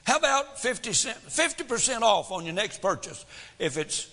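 A man's voice: sits high, very animated, moderate pace, bright, forceful tone, in a large hall. A man preaching a sermon as pastor, folksy, full of rhetorical questions, swelling and dropping for drama.

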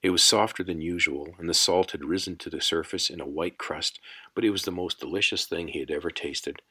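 A man narrating a fantasy audiobook in a measured, unhurried storytelling manner. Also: deep voice, bright, forceful tone, husky. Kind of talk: scripted narration.

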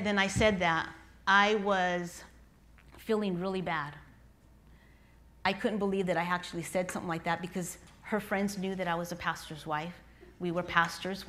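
A woman's voice: medium pitch, fairly bright tone. A middle-aged woman, a pastor's wife, giving a conversational sermon to mothers, telling a personal story and asking her listeners questions. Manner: conversational, asks the audience questions. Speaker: pastor's wife speaking to moms.

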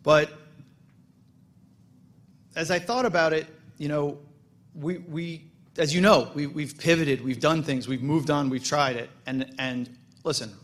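A man's voice: on the high side, a little slow, pauses often. A middle-aged man, the president of a congregation, giving a casual, storytelling welcome speech with self-deprecating humor.

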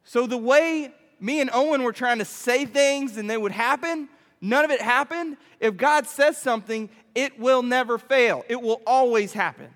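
A man preaching a playful sermon to a youth group, animated and constantly checking in with the room. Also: very high voice, normal speed. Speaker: youth pastor. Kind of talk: playful sermon with audience demo. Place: church hall. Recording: echoey hall reverb.

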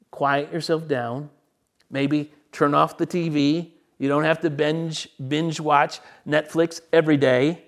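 A middle-aged male pastor giving a sermon, earnest, often dropping to a soft voice to repeat a phrase for emphasis. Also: a little high, fairly even intonation, takes it slowly.

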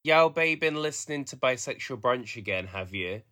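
A man putting on a local man with a thick Black Country accent and a teasing, drawn-out delivery. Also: medium pitch, lively intonation, sharp tone.

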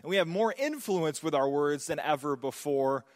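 Animated joking male preacher. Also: on the high side, moderate pace, in a large hall. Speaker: pastor. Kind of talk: sermon.

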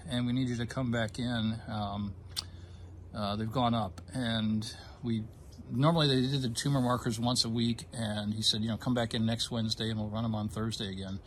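A man of ordinary pitch recounts a personal story in an easy conversational way, pausing and restarting often. His voice carries real emotion, and a faint hiss sits under the recording. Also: steady tone. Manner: halting, with many fillers and restarts; emotional, gets choked up. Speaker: guest telling his story. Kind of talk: casual conversation.

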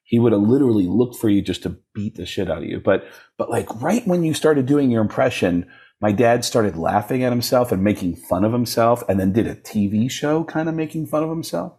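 A man with a slightly husky voice tells stories in a casual interview. His pitch swings widely as he goes. His delivery is animated and loose, the way a comedian chats. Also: a little fast. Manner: animated storyteller, jumps into voices when quoting people. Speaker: comedian guest.

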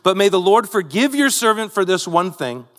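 A man's voice: sits high, big pitch swings, moderate pace, long reverb tail. A man preaching a sermon, retelling a Bible story in a conversational way with rhetorical asides to the congregation. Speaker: pastor.

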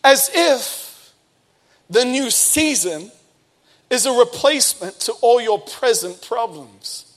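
A man in his thirties, a pastor preaching a sermon and telling a personal story with lively bursts of speed and emphasis. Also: very high-pitched, slow.

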